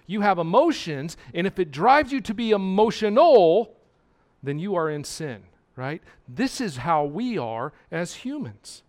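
High-voiced man preaching with emphatic swings. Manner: repeats key words for emphasis. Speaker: pastor. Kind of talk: sermon.

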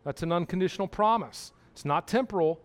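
A man's voice: high voice, a little fast. A man preaching a sermon, emphatic and repetitive, asking his listeners questions.

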